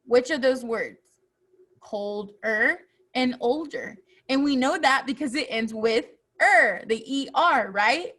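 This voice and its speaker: A woman's voice: on the high side, slow pace, fairly bright tone. A woman teaching a children's phonics lesson, patiently asking questions and answering them herself.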